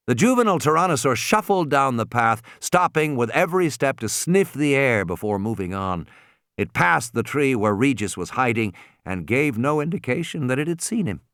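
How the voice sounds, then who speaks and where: A man narrating an audiobook with energy, his pitch swinging freely through the story. The sound is close and dry, with no room around it. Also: a bit bright, no room sound.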